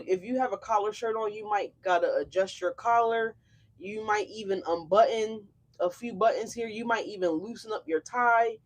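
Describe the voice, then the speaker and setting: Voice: medium pitch, expressive, moderate pace. A tarot reader hosting a casual live reading, talking straight to viewers in an effusive, slangy, exclamatory way, with frequent swearing. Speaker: tarot reader, channel host.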